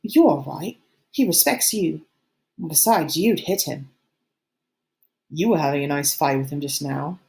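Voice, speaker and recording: A woman's voice: sits low, lively intonation, a little slow, vocal fry, pauses often, a little mellow, exaggerated voice. A woman doing a cautious, earnest boy leader.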